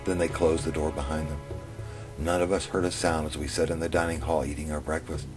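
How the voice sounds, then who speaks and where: A man telling his own memoir in the first person, in a plain, steady way. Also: extremely low pitch, brisk. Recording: music playing under the narration.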